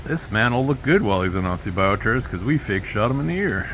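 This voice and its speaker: A man's voice: on the low side, expressive, quick pace, fairly bright tone, a little hiss or hum. Sardonic man ranting alone to camera. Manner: sardonic, conspiratorial, lurching between quotes. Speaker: video blogger. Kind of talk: rambling solo monologue.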